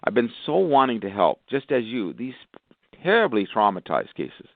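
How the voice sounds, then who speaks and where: A man's voice: medium pitch, big pitch swings, moderate pace, no room sound. A male physician guest talking with enthusiasm on a phone interview, rambling through long lists. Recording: tinny phone line, dry.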